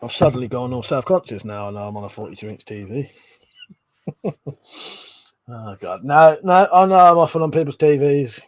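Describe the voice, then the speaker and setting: A man's voice: medium pitch, animated, normal speed, pauses often, no room sound. A man, hosting a casual livestream at home, reading chat and swearing freely between chuckles. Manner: swears often, chuckles, mutters asides. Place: bedroom at home.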